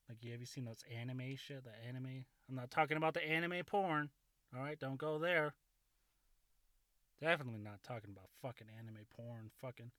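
A man's voice: medium pitch, no room sound. A man in his thirties telling a rambling school story in a casual, profane way, often laughing at his own jokes.

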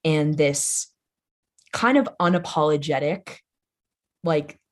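A woman's voice: sits low, expressive, slow pace. Chatty, blunt young woman on a podcast. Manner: chatty, says "like" constantly, swears freely; loud, playful and blunt. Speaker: podcast guest. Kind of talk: casual conversation.

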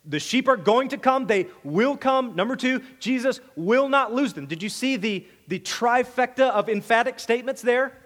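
A man's voice: very high voice, lively intonation, normal speed, hardly any pauses, fairly bright tone, in a large hall. A man preaching a sermon as pastor, talking in an emphatic, conversational way and often repeating words as he goes.

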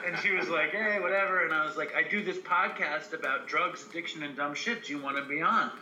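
Brief: male co-host, profane raconteur, bright tone, roomy echo. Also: on the high side, brisk, slight background noise. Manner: profane, storytelling, animated. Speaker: podcast co-host. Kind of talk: casual chat.

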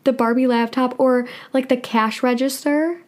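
A woman's voice: high voice, fairly even intonation, normal speed, darkish tone. A young woman in her twenties co-hosting a podcast, chatting casually and laughing often. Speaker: podcast co-host. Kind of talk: casual chat.

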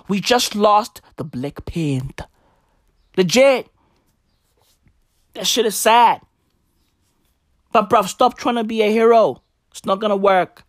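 A man rambles through a casual, profane rant full of slang. His voice sits a little high, and the sound is dry and close, with no room echo. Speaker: vlogger.

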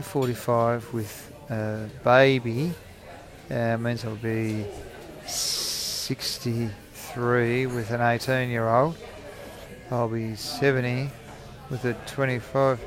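A man's voice: medium pitch, fairly even intonation, slow pace, crowd noise. A man in his forties, hosting a rambling, jokey, self-mocking solo podcast recorded in a cafe. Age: 40s. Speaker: podcast host.

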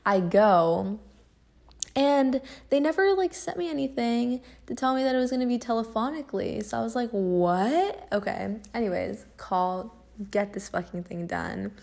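A woman's voice: fairly high pitch, animated, moderate pace, gravelly, darkish tone. A young woman hosting a casual podcast, telling stories in a chatty way, swearing often and laughing as she goes. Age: young adult. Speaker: podcast host.

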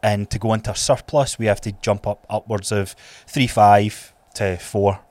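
A Scottish man in his thirties co-hosting a fitness podcast, blunt and animated, swearing freely. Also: on the low side, normal speed, no room sound. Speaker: podcast co-host and trainer. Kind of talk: casual podcast chat.

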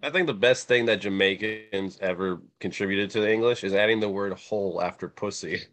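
A man's voice: fairly low pitch, a little fast, few pauses, fairly bright tone. A man in casual podcast chat, telling crude, profane jokes. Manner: crude, joking, laughing.

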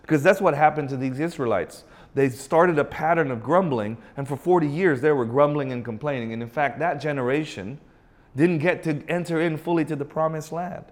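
A man preaching a sermon, emphatic and asking his listeners rhetorical questions, and drawing out key phrases slowly. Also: fairly high pitch. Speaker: pastor.

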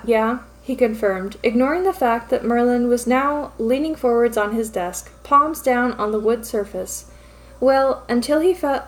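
A woman reads fan fiction aloud as narrator. She speaks in a fairly high voice with an even, steady storytelling delivery.

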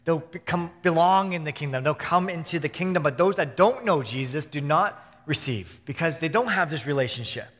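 A man's voice: a little high, lively intonation, moderate pace, few pauses, a bit bright. A man preaching a sermon as pastor, earnest and given to repeating and restarting his words. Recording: long hall reverb.

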